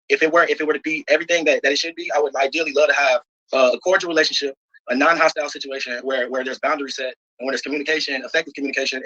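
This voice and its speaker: A man's voice: on the high side, sharp tone, slightly rough, dull audio. A man answering interview questions in an earnest, emotional way, explaining himself at length. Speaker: interview guest.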